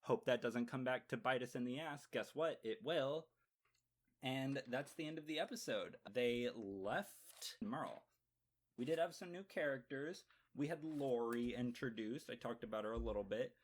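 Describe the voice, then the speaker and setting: Male vlogger recapping episodes; campy, sarcastic, swears a lot, medium-pitched voice. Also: moderate pace. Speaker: TV show reviewer. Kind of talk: casual comedic episode recap.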